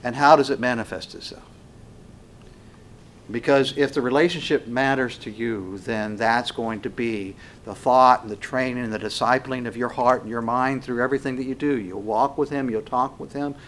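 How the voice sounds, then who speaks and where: A man preaching a sermon slowly and emphatically, swinging between loud passages and hushed ones. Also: medium pitch.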